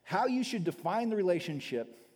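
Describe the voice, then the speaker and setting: Man, pastor, sermon, high-pitched voice, animated, repeats words, acts out quotes, long hall reverb. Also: normal speed, husky.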